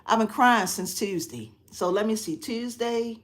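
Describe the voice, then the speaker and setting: A middle-aged woman chatting casually on a phone live stream from a quiet room at home, expressive and quick to laugh. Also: fairly high pitch. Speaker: craft channel host. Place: quiet spare bedroom at home.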